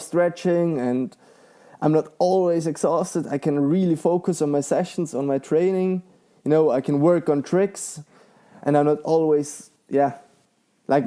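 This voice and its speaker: Excitable young man, mellow voice. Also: fairly high pitch, clear, resonant tone. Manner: excitable, laughs often, lots of fillers. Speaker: guest, professional mountain bike rider. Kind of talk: casual conversational interview.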